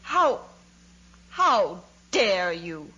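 A woman's voice: medium pitch, normal speed, fairly bright tone, dull audio, natural voice. Woman voicing an indignant old general with a choked cry. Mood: furious. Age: over 60. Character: old male Russian commander, emotional, stubborn.

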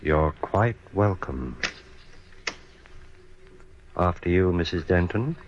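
A smooth, scheming surgeon who hides bitterness behind calm bedside manner. His voice is low and deep. The old radio recording sounds dull, with a faint hiss. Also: slow pace, exaggerated voice. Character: scheming middle-aged male eye surgeon, cold and bitter. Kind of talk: 1940s radio acting.

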